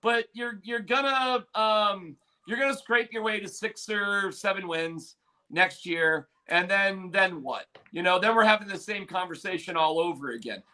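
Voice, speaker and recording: A man's voice: high-pitched, unhurried, sharp tone. A male sports radio host arguing his opinions emphatically, repeating points for emphasis. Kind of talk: sports talk radio debate.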